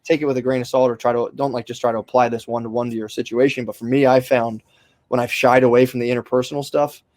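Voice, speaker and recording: A young man talks quickly on a podcast, circling his points with restarts and casual swearing. His voice sits in a middle register and is recorded close and dry, with no room sound. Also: medium pitch, level tone, darkish tone, dry recording. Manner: rambling, frequent restarts and fillers, swears casually. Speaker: podcast host.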